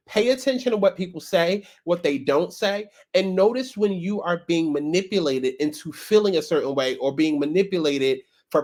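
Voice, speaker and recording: A woman hosting a casual commentary vlog, talking bluntly and sassily and calling her viewers baby and child. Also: on the low side. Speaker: commentary YouTuber.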